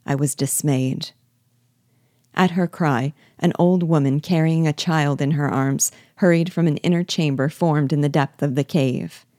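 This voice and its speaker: A woman with a low, mellow voice reads a classic novel aloud in a measured, steady way. The sound is close and dry, with no room around it. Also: no echo. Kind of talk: scripted narration of a novel.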